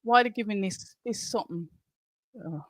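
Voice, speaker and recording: A man's voice: high voice, no room sound, studio quality. A man hosting a live watch-along and calling a boxing match round by round, chatting with viewers between rounds. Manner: excitable, calls punches quickly, chats with the viewers. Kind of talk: live fight commentary and chat.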